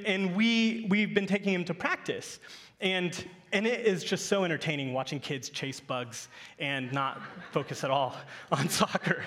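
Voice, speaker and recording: A man's voice: high voice, fairly bright tone. A male pastor in his thirties giving a sermon, telling a playful family story to his congregation.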